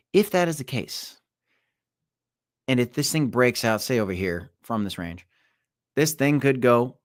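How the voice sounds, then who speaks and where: A young man hosting a casual crypto livestream, talking in a rambling, animated way that swings between loud and quiet. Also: mid-range voice. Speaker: crypto show host. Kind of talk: casual livestream market chat.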